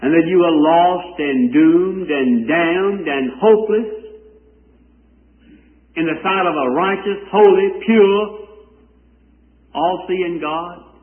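A man with a high voice preaches to a church congregation and draws out scripture verses in a fervent, sing-song cadence. His voice rings through a large reverberant hall. The recording sounds thin and tinny, like it came over a phone line. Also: takes it slowly, long pauses. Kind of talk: sermon. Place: church service before a congregation.

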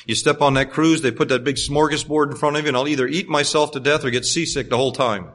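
Preaching quickly in a voice on the high side, this male pastor is animated, moving between loud emphasis and quiet, hushed moments, with folksy humor along the way.

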